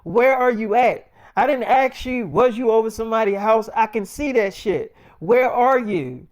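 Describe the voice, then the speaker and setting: Male storyteller doing an irate young woman, high and sharp, profane, demanding answers. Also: animated, moderate pace. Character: irritated sick young woman scolding her boyfriend by phone.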